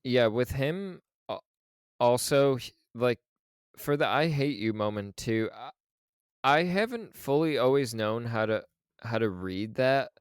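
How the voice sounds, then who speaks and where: A man's voice: mid-range voice, expressive, a little slow, clean tone, no echo, clean studio sound. A man co-hosting a podcast, chatting casually about a film. He swears freely and acts out lines from it. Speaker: podcast co-host.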